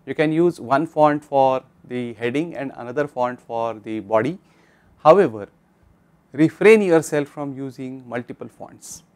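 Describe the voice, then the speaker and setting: A man's voice: mid-range voice, a little mellow. A man with an Indian English accent giving a recorded online course lecture, speaking instructively and addressing viewers directly.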